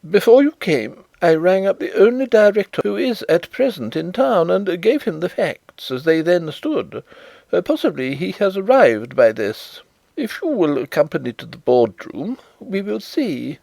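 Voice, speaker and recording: A man's voice: very animated, unhurried, vocal fry, darkish tone, dry recording, full character voice. A man reading an audiobook, voicing a fretful male bank manager who stammers and frets. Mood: anxious. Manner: agitated, stammering, high-strung.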